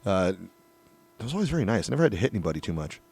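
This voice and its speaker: A middle-aged man telling a long, crude story in casual chat, swearing freely and getting animated. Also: on the low side, very fast, breathy edge.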